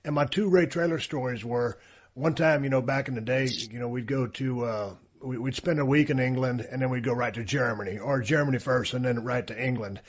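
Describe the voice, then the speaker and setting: A man hosts a podcast with a husky, mid-pitched voice, telling stories in a relaxed drawl full of fillers. The recording sounds somewhat muffled. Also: fairly quick. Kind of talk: casual chat.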